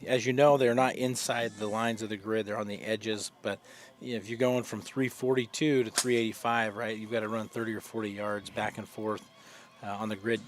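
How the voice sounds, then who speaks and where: A man's voice: fairly low pitch, little pitch movement, brisk. A man giving live long-drive golf commentary, chatty and explanatory, often using fillers.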